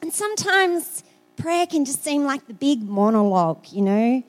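A high-pitched middle-aged woman with an Australian accent delivers a sermon. She talks the way she would chat to friends, telling stories and sometimes repeating words as she thinks. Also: very animated, normal speed. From South Australia. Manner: conversational, storytelling, repeats words. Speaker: preacher.

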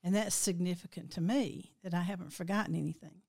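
An older woman tells a personal dream in a slow, reflective way, her voice sometimes breaking with emotion. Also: lowish voice, fairly even intonation, vocal fry, darkish tone. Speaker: guest recounting a dream.

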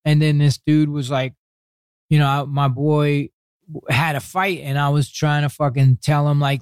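A man's voice: a little high, a little slow, smooth, no room sound, clean studio sound. An older man telling stories as a podcast guest, swearing constantly and acting out what people said. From New York City. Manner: profane, animated, acts out quotes. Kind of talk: casual interview storytelling.

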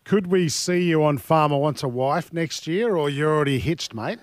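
A man's voice: a little high, expressive, normal speed, dry recording. A man hosting a sports radio show from a studio, teasing his guests in upbeat banter. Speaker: radio host.

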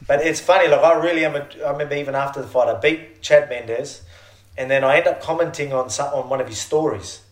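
A man's voice: mid-range voice, fast talker. An Australian man talking eagerly as an interview guest, often restarting his sentences. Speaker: fighter guest. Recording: echoey room.

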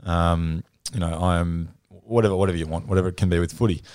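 A man's voice: low voice, steady tone, fast, darkish tone, clear, resonant tone, no room sound, clean studio sound. An Australian man, a guest in a casual chat, telling a story with easy hesitations. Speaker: guest footballer.

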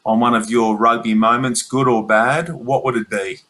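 Bright-voiced male interview host. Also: medium pitch, steady tone, normal speed, poor audio. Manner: chatty, laughs along, easygoing questions. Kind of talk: casual interview.

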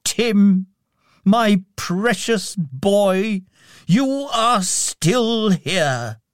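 A man voicing an old miser who is overjoyed and giddy, with high, breathless exclamations. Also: sing-song, measured pace, fairly bright tone, dry recording, clean studio sound, exaggerated voice. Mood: tender.

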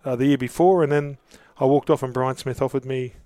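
A warm, steady, medium-pitched voice belongs to a middle-aged Australian man telling long, casual stories in an interview, with many restarts along the way. He speaks fairly quickly, and there's no echo.

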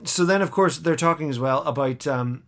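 A man casually recapping a TV episode on a podcast, animated and quick to act out the characters' lines. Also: on the high side. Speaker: podcast co-host.

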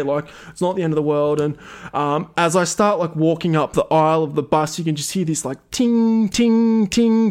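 An Australian man in his thirties, a podcast host telling a rambling, casual story with lots of fillers and laughter. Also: fairly high pitch.

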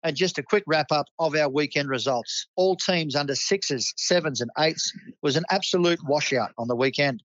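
A man's voice: a little high, normal speed, hardly any pauses, a bit bright, no echo, muffled recording. An Australian man hosting a local sports club roundup, enthusiastic and matey. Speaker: club host.

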